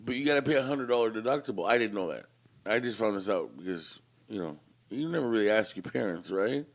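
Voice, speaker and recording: A man co-hosting a podcast, telling a family story in an animated, profane way. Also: fairly low pitch, quick pace. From Canada. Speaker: podcast co-host. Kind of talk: casual storytelling.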